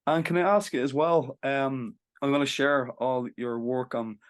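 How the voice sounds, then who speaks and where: A man's voice: mid-range voice, a little slow, clean tone. Encouraging man hosting a podcast. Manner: encouraging, frequent backchannel mm-hmms. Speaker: podcast host and interviewer. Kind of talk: casual interview conversation.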